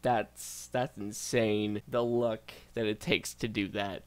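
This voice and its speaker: A man's voice: lowish voice, level tone, slow, few pauses, clear, resonant tone. A man doing casual reaction commentary as a YouTuber, reading posts aloud, stumbling over words and bursting out in disbelief.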